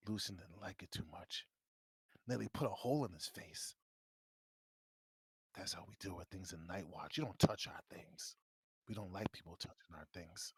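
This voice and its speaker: A man's voice: sits low, moderate pace, pauses often, husky, no room sound, full character voice, poor audio. A man voicing a boastful adventurer who guards his belongings, telling tales in a dramatic half-whisper. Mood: menacing boast.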